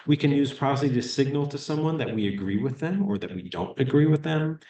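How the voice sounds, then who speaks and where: A man's voice: mid-range voice, fast talker, warm tone, reverberant, poor audio. A man giving a talk to a hearing loss support group, explaining research in an easygoing way and often checking in with "right?". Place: meeting room.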